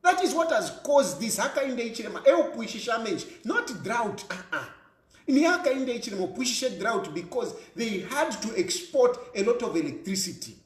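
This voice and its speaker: Fiery Zambian man, high and lively. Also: normal speed, roomy sound. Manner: fiery, repetitive rhetorical questions, mixes local language into English. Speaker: political commentator. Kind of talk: impassioned political monologue.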